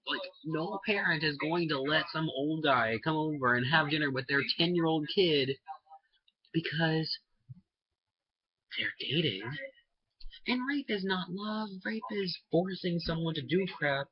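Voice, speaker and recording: A man's voice: on the high side, moderate pace, husky, no echo. A young man in his teens ranting in a rambling, indignant vlog monologue, his voice jumping up sharply when he gets worked up. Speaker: vlogger. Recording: dull lo-fi recording.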